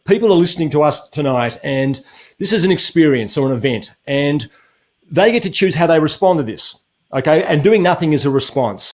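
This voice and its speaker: A man's voice: fairly high pitch, expressive, a little fast, darkish tone. A man, a motivational speaker who talks earnestly in a webinar and poses rhetorical questions. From Australia. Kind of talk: webinar conversation.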